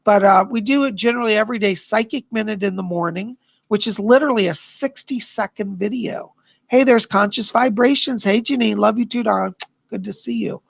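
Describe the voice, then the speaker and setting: Bubbly man with a high gravelly voice. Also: brisk, fairly bright tone, no echo. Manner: bubbly, gushing, laughs often. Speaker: psychic hosting a live stream. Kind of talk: casual live-stream chat.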